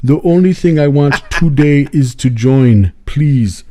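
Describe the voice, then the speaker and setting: A man's voice: on the high side, warm tone, voice pushed up. A man putting on the voice of an eager young man who pleads in broken English to be let in. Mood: pleading. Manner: slow, insistent pleading.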